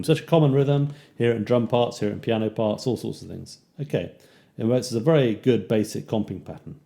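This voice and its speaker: A British-accented man gives a casual jazz guitar lesson, counting beats aloud and scatting rhythms as he demonstrates. His lowish voice moves fairly quickly with vocal fry, and the background is noisy, with guitar playing between his phrases.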